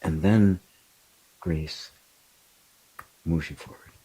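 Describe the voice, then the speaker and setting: A middle-aged man, a spiritual teacher, talking reflectively in an open forum and telling stories with animated bursts. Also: deep voice, drawn-out words, husky, low-quality recording. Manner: reflective, animated storytelling with laughs. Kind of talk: open forum talk on self-inquiry.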